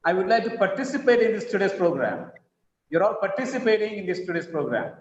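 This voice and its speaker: A man teaching an online English lesson with a slightly high voice and an Indian English accent, who speaks slowly and repeats words carefully to show where the stress falls. His voice sounds dull and echoey, with a long reverb tail. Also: animated. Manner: slow, deliberate, repeats words to model stress. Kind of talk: online class lecture.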